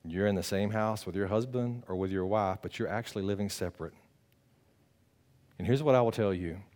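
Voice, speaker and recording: A pastor moves briskly through a chatty, animated sermon in a fairly low voice, ribbing his congregation. He shifts back and forth between loud bursts and hushed, earnest speech.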